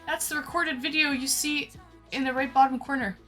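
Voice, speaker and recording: A woman's voice: high voice, fairly even intonation, brisk, sharp tone. A woman live-streaming, chatting casually with her viewers, greeting them by name and laughing a lot. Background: faint background music.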